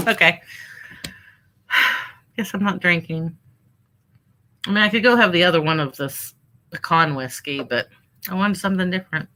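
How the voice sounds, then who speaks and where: A woman's voice: fairly low pitch, moderate pace, long pauses, pushed and bright. A woman hosting a casual livestream from home, chatting in a rambling way, with fillers and asides to her viewers. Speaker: livestream host and online reseller.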